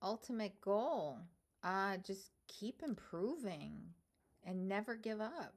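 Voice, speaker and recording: A woman's voice: medium pitch, expressive, slow pace. A woman in her forties with a New Jersey accent, a comedian guest chatting and laughing easily. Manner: laughs readily, agreeable. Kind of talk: casual chat.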